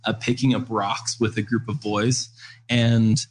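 A man's voice: on the low side, level tone, a little slow, slight background noise. A man telling a story and explaining an idea in casual conversation, earnest, with many "uh"s and "right?"s. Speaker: guest speaker on parenting.

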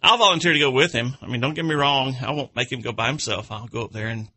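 A man's voice: mid-range voice, fast talker, sharp tone. A man hosting an outdoors radio show, chatting in a rambling, folksy way and chuckling at his own stories. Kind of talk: casual radio chat.

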